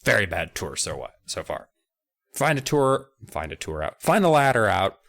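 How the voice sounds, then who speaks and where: A man on a podcast, reading a horror book aloud with drama and then recapping it with jokes and loud shouted character lines. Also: on the low side, big pitch swings, normal speed, gravelly. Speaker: podcast co-host.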